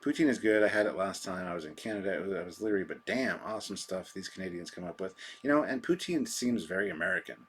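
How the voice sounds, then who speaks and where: A man's voice: low voice, fast talker, few pauses, slightly rough. A man hosting a live stream, chatting casually and rambling through viewer comments with a self-deprecating manner.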